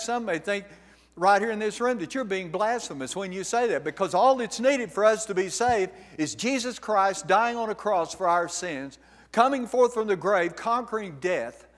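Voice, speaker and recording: A man, a preaching pastor with a high voice, delivers an emphatic sermon full of rhetorical questions. He's in a church sanctuary, and the recording has the long reverb of a church hall.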